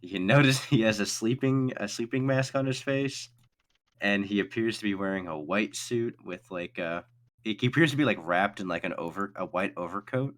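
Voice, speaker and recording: A man's voice: lowish voice, normal speed. A man narrating a tabletop game as game master, casual and laughing, with some swearing.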